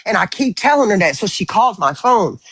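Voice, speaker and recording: Brief: blunt, swearing woman venting on a live stream, mid pitch, dry close sound. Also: a little fast, slightly rough, no echo. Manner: blunt, profane, animated retelling with voiced quotes. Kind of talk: heated casual live-stream chat.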